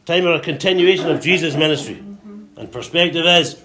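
A man preaching a sermon to a congregation, calling for responses, quoting scripture and acting out voices with sudden high shouts. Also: brisk. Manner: call-and-response preaching, frequent hallelujahs.

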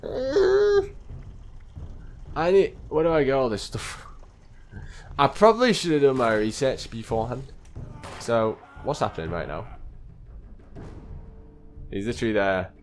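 A man's voice: medium pitch, animated, moderate pace, long pauses, soft background music. A man giving live gameplay commentary, talking to himself in a flustered way and repeating phrases as he plays. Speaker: gaming channel host.

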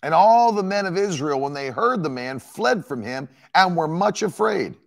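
A man's voice: a little high, moderate pace, gravelly. A male preacher delivering an emphatic sermon, reading and explaining a Bible passage. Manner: emphatic, animated Bible exposition.

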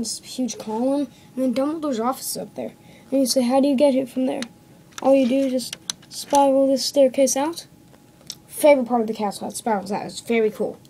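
Mellow higher-voiced woman reviewing toys. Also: slight background noise, low-quality recording. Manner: rambling, corrects herself often, tags lines with "okay?". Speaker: toy reviewer. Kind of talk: casual show-and-tell review. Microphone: phone camera.

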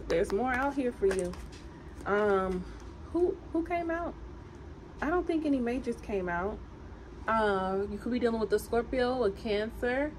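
Emphatic tarot-reading woman, Southern drawl. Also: a little high. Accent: American Southern country. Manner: animated, emphatic, chatty and teasing. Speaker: tarot reader. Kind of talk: casual tarot reading for viewers. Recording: noisy home recording.

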